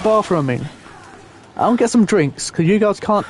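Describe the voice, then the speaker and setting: A young man commentating a video game, exasperated and swearing loudly at the characters he guides. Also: high voice, animated, moderate pace. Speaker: gamer. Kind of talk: let's play commentary. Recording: game sounds and noise behind voice.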